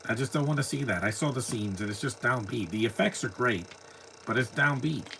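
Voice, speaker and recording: A man chatting his way through a live watch-along commentary, mid-pitched and unhurried in between his blunt opinions. He speaks offhand and candid, as if talking to friends beside him on the couch. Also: lively intonation, vocal fry, a bit bright, slight background noise. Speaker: movie commentator. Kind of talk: casual live movie commentary.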